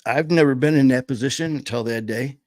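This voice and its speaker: A man telling a personal story, candid and blunt, swearing freely and pausing often. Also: mid-range voice, darkish tone, dry recording. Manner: halting, full of fillers and restarts.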